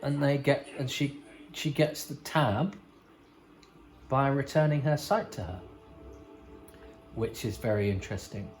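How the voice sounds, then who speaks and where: A man hosts a casual watch-along commentary, chatty and digressive, correcting himself mid-sentence and tossing in dry little jokes. His voice sits at an ordinary middle pitch. Faint music plays quietly behind him. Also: measured pace, pauses often, poor audio. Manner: rambling, chatty, self-correcting, wry asides. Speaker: podcast host. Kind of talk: casual commentary over a TV episode.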